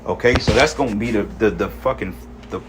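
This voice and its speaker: A man's voice: on the low side, a little fast, noisy background. Angry profane preaching man. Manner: profane, fiery, reads verses then comments. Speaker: street preacher. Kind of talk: angry scripture-reading rant.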